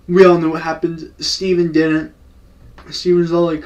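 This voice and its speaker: A man's voice: a little high, moderate pace, far from the mic. A young man telling a story in casual slang, acting out the quotes. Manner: slangy, animated, acts out quotes. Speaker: storytime vlogger.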